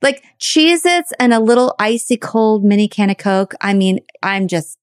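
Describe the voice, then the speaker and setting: A middle-aged woman hosts a casual interview podcast, chatty and candid with a self-mocking streak. Her voice sits at an ordinary pitch and sounds dry and close, with no room around it. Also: expressive, moderate pace, no echo. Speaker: podcast host.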